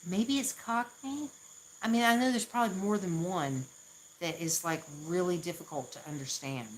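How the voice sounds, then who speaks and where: A woman's voice: on the low side, normal speed, slight background noise, low-quality recording. A woman from the Southern US with a Southern accent, chatting casually on a live stream, laughing often and poking fun at herself. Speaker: livestream host.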